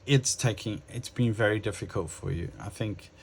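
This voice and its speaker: A man giving a casual tarot reading to his viewers, musing aloud with many pauses and restarts. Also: lowish voice, vocal fry, slightly rough. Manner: addresses viewers directly. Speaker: tarot reader.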